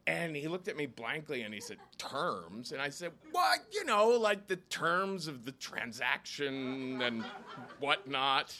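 Animated high-voiced male storyteller. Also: a little slow. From Ohio. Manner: animated, acts out quoted voices with sharp jumps in pitch. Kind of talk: live storytelling set. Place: small lounge, live audience.

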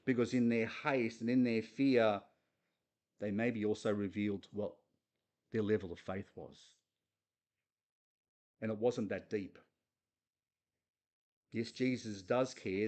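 In a lowish, slightly mellow voice, a man delivers a conversational sermon on a Bible passage. He speaks earnestly and puts questions directly to his listeners.

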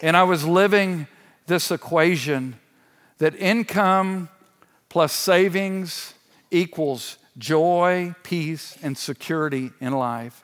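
A man's voice: fairly high pitch, a bit bright. A man in his sixties, a church elder, giving a sermon as an earnest personal testimony with touches of laughter. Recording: long hall reverb.

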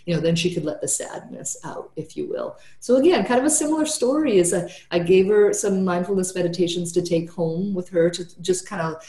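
A woman therapist with a slightly low voice chats loosely about a client, ending almost every sentence with "right?" and filling gaps with "you know". The sound is roomy and echoey. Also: animated, brisk, hardly any pauses, mellow. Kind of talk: casual podcast conversation.

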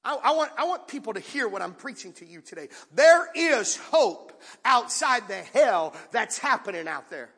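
A high, bright-toned male pastor with a husky edge preaches with fervor, swinging between quiet asides and shouted calls to the congregation. His voice rings through a church sanctuary with a long, trailing reverb. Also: sing-song, moderate pace, hardly any pauses. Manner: impassioned, rising to shouts with audience call-outs. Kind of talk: sermon.

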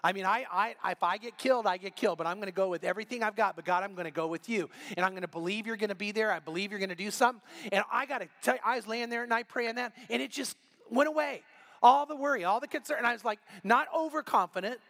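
A middle-aged man preaching a sermon, telling a story with lively voiced quotes. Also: high-pitched, fast. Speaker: pastor.

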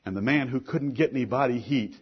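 Husky preaching man, dull recording. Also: mid-range voice, a little fast. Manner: earnest preaching with swings between soft and forceful. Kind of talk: sermon.

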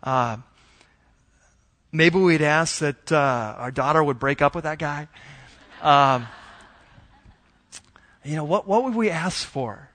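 A middle-aged man preaching a sermon in a relaxed, conversational way, telling a family story with plenty of ums and restarts. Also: a little high, takes it slowly, pauses often. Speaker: pastor.

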